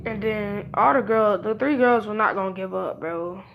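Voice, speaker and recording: A woman's voice: medium pitch, moderate pace, vocal fry, highs cut off, noisy background. A woman improvising a fan-fiction story aloud, rambling in casual slang with many restarts.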